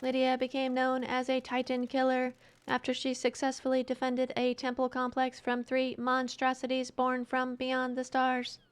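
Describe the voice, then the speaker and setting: Casting: woman reading game dialogue aloud, fairly high-pitched, plain delivery. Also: monotone, moderate pace, few pauses, clean tone.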